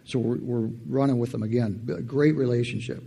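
Man, gravelly, husky, testimony sermon, gets fired up. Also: medium pitch, a little fast. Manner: animated, builds to fired-up preaching. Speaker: lay preacher.

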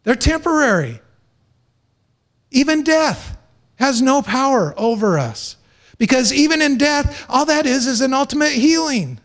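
A man's voice: extremely high pitch, animated, a little slow. A man preaching a sermon as pastor, emphatic, stressing points through repeated phrases and joking lightly with the congregation.

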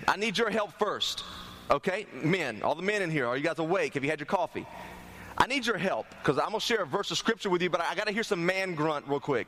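A man's voice: on the high side, a little hiss or hum. A young man from North Carolina, preaching a sermon in a church, telling jokes and asking the congregation to respond. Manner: lively, joking storyteller, asks the congregation to respond. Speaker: pastor.

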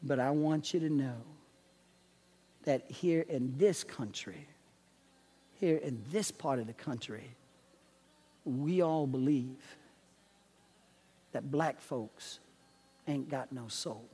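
A man voicing a stern bigoted churchgoer with a North Carolina drawl, speaking slow and low. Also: dark tone, husky. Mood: menacing. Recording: long church reverb.

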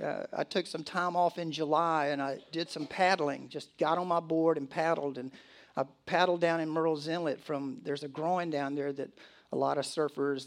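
A male pastor delivering a sermon in a church, telling stories animatedly with laughs and acted asides. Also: a little high.

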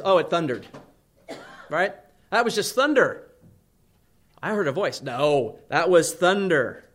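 A man preaching a sermon in a conversational way, often asking his listeners "right?" as he explains Scripture. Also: a little high. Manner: conversational preaching, frequent "right?" tag questions. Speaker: pastor.

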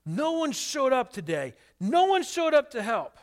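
Brief: a pastor reading the lines of a frustrated ex-soldier, voice pushed up high. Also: male voice, big pitch swings, unhurried. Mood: upset. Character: upset young adult man, a former soldier.

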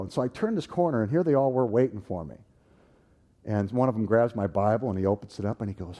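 A man preaching and telling his own story, swinging from loud, animated bursts to hushed, tender tones. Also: on the low side, fast. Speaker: preacher giving a personal testimony. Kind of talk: sermon storytelling.

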